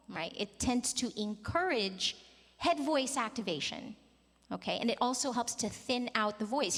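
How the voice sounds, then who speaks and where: A woman's voice: on the high side, a bit bright. A woman in her thirties teaching a singing workshop, demonstrating vocal sounds and coaxing the group to join in. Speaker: vocal coach. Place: large conference hall. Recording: long hall reverb.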